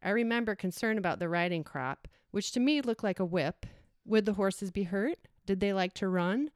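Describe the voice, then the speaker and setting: A woman in her forties reading a personal essay aloud in a reflective, measured way. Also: medium pitch, smooth, no room sound, studio quality. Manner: reflective, measured reading with brief acted quotes. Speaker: storyteller.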